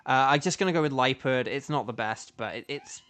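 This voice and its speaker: A man's voice: medium pitch, lively intonation, brisk, a bit bright. A man chatting casually with viewers while streaming a video game, rambling with lots of fillers. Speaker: streamer and voice actor. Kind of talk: casual gaming livestream chat.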